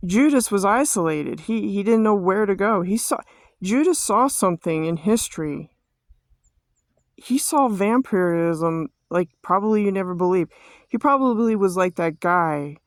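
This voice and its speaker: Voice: mid-range voice, no room sound. Profane ranting speaker, dry close sound. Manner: ranting, repetitive rhetorical questions, heavy swearing; halting restarts and stumbles. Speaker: vlogger. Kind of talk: profane conspiracy rant to camera.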